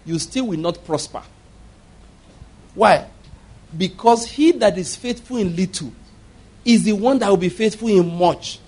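High-voiced preacher man. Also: measured pace, long pauses, a little mellow, breathy edge. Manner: impassioned preaching with rhetorical questions and laughter. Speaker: pastor. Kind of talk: sermon.

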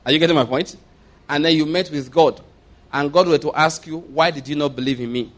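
A man preaching a sermon, reading scripture slowly and stressing key words, often checking that his listeners follow. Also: fairly high pitch. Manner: asks listeners to follow along.

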